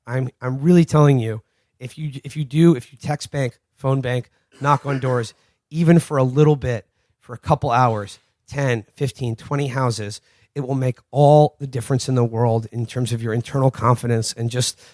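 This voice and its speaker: A man's voice: medium pitch, fairly even intonation, normal speed, a little mellow, no room sound. A male podcast co-host tells anecdotes in a loose, meandering way. He swears casually and keeps restarting his sentences. His voice sits in an ordinary middle range and is recorded dry and close. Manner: profane, rambling with repeated restarts. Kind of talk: casual chat, storytelling anecdotes.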